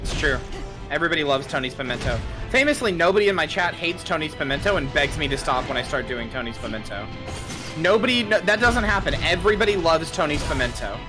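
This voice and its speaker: A man's voice: fairly high pitch, animated, fast talker, over music. A man streaming a game, chatting in a joking, laid-back way with frequent swearing. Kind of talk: casual gaming chat.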